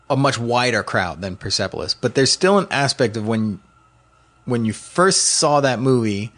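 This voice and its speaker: A man with an everyday mid-range voice talks through a movie list in a casual podcast chat. He is relaxed and keeps dropping in short agreements. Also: mid-range voice. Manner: laid-back, frequent short agreements. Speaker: podcast co-host.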